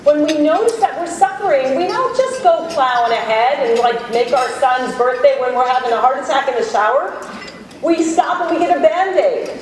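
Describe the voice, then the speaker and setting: A woman's voice: sits high, normal speed, a little hiss or hum. A middle-aged woman giving an encouraging keynote talk to a live audience in a large hall, sometimes acting out inner voices. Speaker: keynote speaker. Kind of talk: motivational keynote talk with guided exercise. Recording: very echoey hall, voice from far off.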